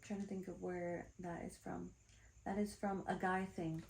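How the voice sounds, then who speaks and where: A woman spiritual teacher talks straight to her viewers through a card reading, chatty and blunt, calling them her darlings. Her voice sits low with a gravelly edge. The room around her is echoey. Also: level tone, normal speed, darkish tone, slight background noise.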